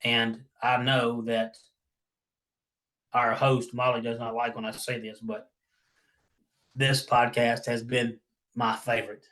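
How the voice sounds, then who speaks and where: A man's voice: medium pitch, completely flat delivery, slow, long pauses, a bit bright, rough recording. A man who survived a stroke, reading his own story aloud in an earnest, grateful way. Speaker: stroke survivor, podcast guest.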